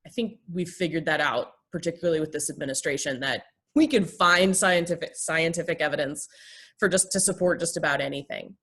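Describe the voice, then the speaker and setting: A woman's voice: low-pitched, a little fast, slightly rough. A woman minister and therapist, a guest in an interview, explaining things thoughtfully with frequent ums and restarts. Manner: acts out example dialogue in a lifted, gentle voice.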